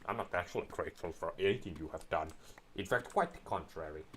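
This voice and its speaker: A man's voice: sits low, expressive, fast, fairly bright tone, slight background noise. A man streaming a game, rambling sarcastically in a mock-pompous put-on voice, close to his microphone. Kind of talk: casual gaming commentary. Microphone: close desk microphone.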